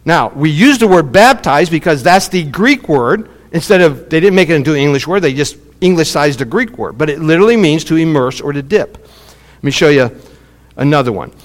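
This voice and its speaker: A man preaching a sermon, teaching in an animated, emphatic way and repeating his points. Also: fairly high pitch, a little fast, in a large hall. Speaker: pastor.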